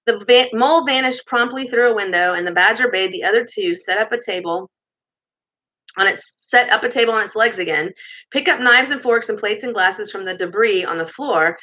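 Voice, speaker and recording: Bright-voiced woman reading a story aloud. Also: medium pitch, moderate pace. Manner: lively read-aloud with chatty asides. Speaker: storybook reader. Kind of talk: reading a children's novel aloud. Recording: muffled lo-fi recording.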